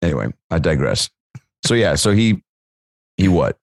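A man's voice: deep voice, big pitch swings, moderate pace, vocal fry, no echo, clean studio sound. A man hosting a casual podcast, joking and swearing in a laid-back way. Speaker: comedian podcast host.

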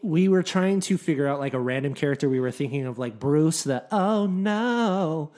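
A man co-hosting a podcast in casual chat, excitable and quick to jump in. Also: mid-range voice. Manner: excitable, animated, jumps in often. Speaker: podcast co-host.

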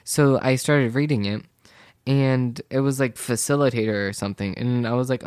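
A teenage vlogger tells a rambling school story casually, acting out everyone's lines with "I was like" and calling himself sensitive. His male voice sits mid-range, steady, brisk, a little mellow and smooth, recorded in clean studio quality with no echo.

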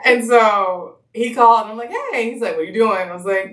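A young woman as a podcast guest, telling her story in casual chat, animated, acting out quoted voices and laughing often. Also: a little high, fairly quick. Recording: echoey room, distant mic.

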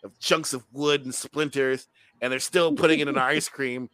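A man's voice: mid-range voice, moderate pace, dry recording. A man co-hosting a movie review show, talking casually and animatedly, swearing freely. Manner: animated, swearing, mocking voices in quotes. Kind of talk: casual chat.

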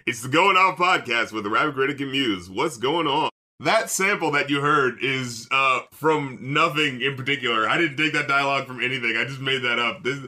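A man's voice: mid-range voice, pushed and bright. A man co-hosting a music podcast, joking through casual banter with his friend. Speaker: podcast co-host.

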